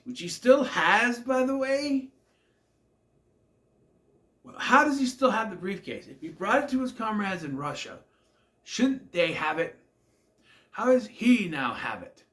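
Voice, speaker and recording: A man's voice: a little high, very animated, unhurried, long pauses, fairly bright tone. A man casually recapping and reviewing a TV episode, musing aloud, questioning the plot and often trailing off with "I don't know.". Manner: laughs at the scenes.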